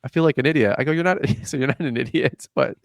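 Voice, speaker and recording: A man's voice: on the high side, fast, vocal fry, no room sound, clean studio sound. A young man hosting a podcast, telling a story in casual chat and acting out the dialogue with lots of "like". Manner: animated storyteller, acts out dialogue, says "like" often. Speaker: podcast host.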